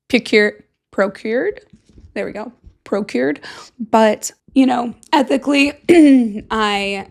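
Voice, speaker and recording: A young woman hosting a podcast, chatting casually in a rambling, filler-heavy way with offhand swearing. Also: a little high. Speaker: podcast host. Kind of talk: casual solo chat.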